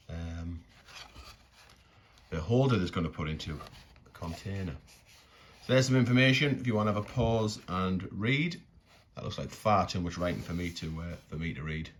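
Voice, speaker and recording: Deep-voiced chatty man. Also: slight background noise. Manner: chatty, muses aloud and stumbles over words. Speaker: coin collecting vlogger. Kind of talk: casual unboxing commentary.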